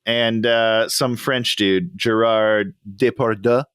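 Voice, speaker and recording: A man co-hosting a casual podcast, joking and swearing as he pitches next week's movie. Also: takes it slowly, clean tone, no echo, studio quality. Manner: animated, swearing, jumps to high pitch when amused. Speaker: podcast co-host. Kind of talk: casual chat.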